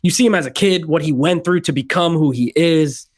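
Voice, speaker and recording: A man's voice: fairly high pitch, fairly quick. A young man hosting a movie review podcast, chatty and opinionated, often laughing into his words. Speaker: podcast host. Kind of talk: casual movie review chat.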